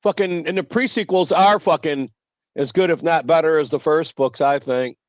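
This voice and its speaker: A man's voice: on the high side, normal speed, no room sound, muffled recording. A man hosting a livestream, ranting bluntly and swearing constantly. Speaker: livestream host. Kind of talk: casual livestream rant.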